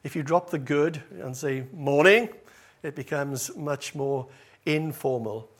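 Preaching at church, a man speaks in an unhurried, medium-pitched voice. He is earnest, rising in volume on key lines, with soft asides and minor hesitations.

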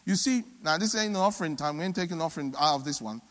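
Animated preacher man in a reverberant hall. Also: very fast. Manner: animated, swings between loud emphatic peaks and soft low asides. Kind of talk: sermon.

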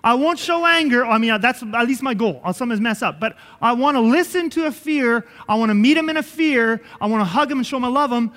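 A man giving a conversational sermon-style teaching, telling animated stories that act out dialogue and chuckling often. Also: very high-pitched, fairly quick, hardly any pauses. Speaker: Christian preacher and father. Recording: long hall reverb.

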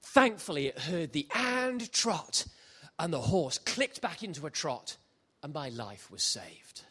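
A middle-aged man preaching a sermon, jokey and animated, shifting from quiet asides to loud shouts. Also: a little high, measured pace, husky. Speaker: pastor. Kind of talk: sermon with comic storytelling. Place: church hall with congregation.

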